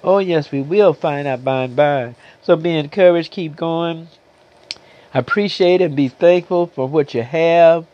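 A man preaching a sermon, now and then clearing his throat and singing slow gospel lines. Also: a little high, lo-fi sound. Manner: preaching, breaks into slow gospel singing, calls listeners beloveds. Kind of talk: sermon with sung gospel passages.

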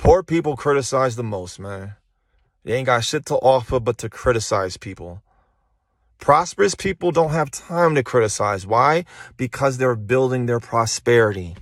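A man's voice: medium pitch, lively intonation, moderate pace, no room sound, clean studio sound. Blunt, profane motivational man on a phone. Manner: profane, emphatic, repeats phrases for emphasis. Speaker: motivational podcast host. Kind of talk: casual motivational monologue. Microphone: phone held while talking.

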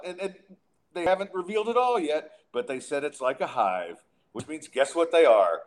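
A man's voice: a little high, big pitch swings, normal speed. A man hosting a casual podcast, ranting in an exasperated way with frequent restarts. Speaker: podcast host. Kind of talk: casual chat and rant.

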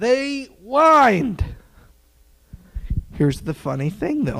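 A man preaching with a high voice and an unhurried delivery. His style is folksy and joking, with quiet asides to the crowd. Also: lively intonation, low-quality recording. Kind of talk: sermon.

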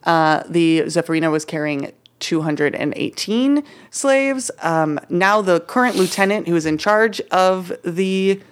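A woman's voice: on the low side, expressive, unhurried, hardly any pauses, a little hiss or hum. A woman co-hosting a casual history podcast, telling a story in a chatty way with lots of "like" and "uh" and playful slang. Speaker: podcast co-host presenting history research.

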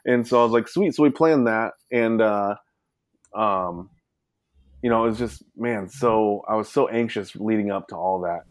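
A man's voice: fairly low pitch, normal speed, dry recording. A man being interviewed as a guest, telling a personal story in a rambling, casual way. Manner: rambling, full of "you know" fillers.

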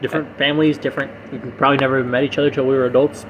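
A man's voice: medium pitch, little pitch movement, racing, highs cut off. A young man co-hosting a casual podcast with his brother, musing through ideas with many fillers and restarts. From Hispanic family, grew up in the US. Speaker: podcast co-host. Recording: noisy home recording.

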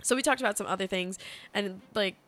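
A woman's voice: mid-range voice, fast, a bit bright. A young woman co-hosting a casual podcast, telling a story in a chatty way and laughing often. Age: young adult. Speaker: podcast co-host. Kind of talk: casual chat.

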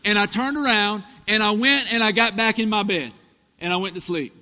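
A man in his thirties preaching a sermon, telling family stories with animated, emphatic delivery. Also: high-pitched, normal speed. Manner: storytelling, animated, rising to emphatic peaks. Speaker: pastor. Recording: echoey hall reverb.

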